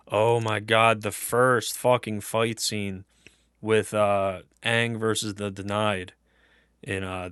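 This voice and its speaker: A man in an unscripted film review, gushing with enthusiasm and peppering his talk with swearing, fillers and restarts. His voice sits at a middle pitch for a man and sounds dry and close, with little room sound. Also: a bit bright, dry recording. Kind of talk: unscripted casual review ramble.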